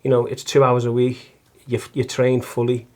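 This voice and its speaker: In a casual testimony interview, a guest who drives a taxi and volunteers as a listener shares his faith journey with earnest sincerity, frequently tripping over and repeating his words. He's a middle-aged Liverpudlian with a Liverpool accent, and his medium-pitched voice is monotone, moderately paced and somewhat dark.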